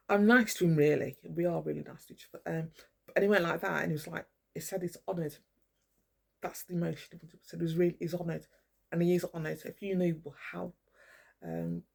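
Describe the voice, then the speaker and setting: A woman's voice: fairly low pitch, vocal fry, breathy edge. An older woman, talking to camera in an angry, rambling monologue full of swearing, calling out people by name. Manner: swears a lot, rants, addresses people directly. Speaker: vlogger.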